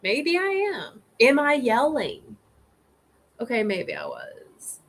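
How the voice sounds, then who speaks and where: A woman leading a casual group discussion, animated, acting out inner voices and swearing freely. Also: high voice, slow. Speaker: group facilitator.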